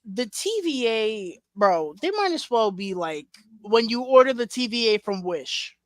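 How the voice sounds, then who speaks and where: Brief: female co-host, very lively pitch, dry sound, emphatic and incredulous. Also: unhurried, dry recording. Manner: emphatic, incredulous, says bro a lot. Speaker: podcast co-host. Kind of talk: casual chat.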